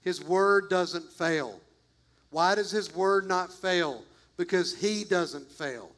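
A man's voice: high-pitched, takes it slowly, fairly bright tone. A man preaching a sermon as pastor, emphatic and repetitive, talking straight to his congregation.

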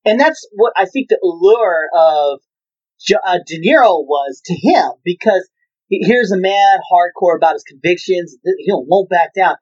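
A man's voice: sits high, expressive, moderate pace, a little mellow, highs cut off. A man in casual movie chat, rambling and swearing freely as he retells scenes with energy.

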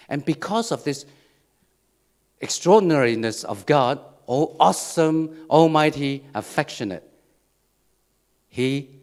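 Man preaching with frequent restarts. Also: mid-range voice. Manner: repetitive, restarts phrases, asks "okay?" and "right?". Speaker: pastor. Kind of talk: sermon.

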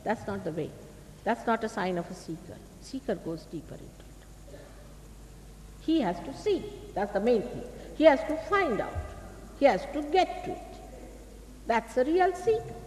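An Indian woman teacher speaks to an audience in a large hall, her voice fairly high and swinging widely in pitch. She is emphatic and admonishing and often asks rhetorical questions. The old archive tape carries long hall reverb and a faint hiss. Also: darkish tone. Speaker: spiritual teacher. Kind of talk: public spiritual talk.

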